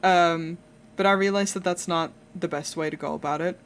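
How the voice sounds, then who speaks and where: A woman's voice: fairly low pitch, fairly even intonation, normal speed. A young woman chatting casually while drawing on a live stream, rambling with lots of fillers and restarts and laughing often.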